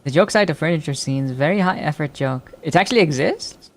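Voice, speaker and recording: A man's voice: a little high, lively intonation, a little fast. A man streaming a game, chatting casually, teasing his viewers and laughing often as he reacts to chat. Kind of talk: casual live-stream chat while playing.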